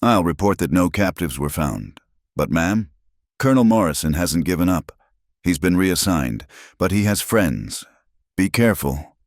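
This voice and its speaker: A man's voice: low voice, expressive, a little slow, no room sound, clean studio sound. A man playing a formal young army captain. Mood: official.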